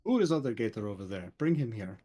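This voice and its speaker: A man's voice: fairly low pitch, big pitch swings, fast, mellow, slightly rough. A man voicing a blunt adventurer who talks in short, broken phrases. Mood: probing. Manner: clipped broken grammar.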